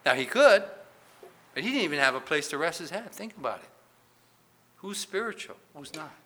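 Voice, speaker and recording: A man's voice: fairly high pitch, very animated, normal speed. A man preaching a sermon as pastor, asking the congregation questions and reading Scripture aloud with rising force. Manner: emphatic preaching, rising loud on questions and Bible quotes.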